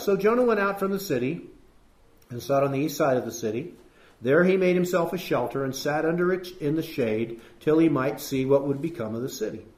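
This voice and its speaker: A man's voice: on the high side, darkish tone. A male preacher delivering a sermon with scripture reading, emphatic, asking rhetorical questions and repeating phrases. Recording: echoey room.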